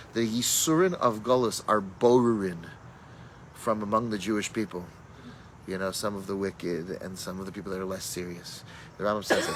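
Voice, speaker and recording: A man's voice: fairly low pitch, slight background noise, poor audio. A man, a rabbi, teaching a casual Torah class and telling stories sprinkled with Hebrew and Yiddish terms, thinking aloud as he goes. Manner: thinks aloud with fillers and restarts.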